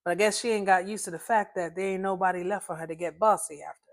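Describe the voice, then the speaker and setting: A woman's voice: fairly low pitch, steady tone, quick pace, natural voice. A woman voicing Uncle, a blunt, wry old man telling family history in a story reading. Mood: recounting.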